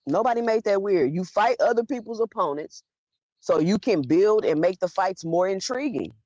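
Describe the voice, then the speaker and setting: A woman hosting a live stream, talking straight at her viewers in a blunt, argumentative way. Her pitch jumps around a lot as she makes her points. The sound is dry and close, with no room around her. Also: lively intonation, normal speed, dark tone, dry recording, dull audio. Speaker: livestream host. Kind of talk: live commentary talking to chat.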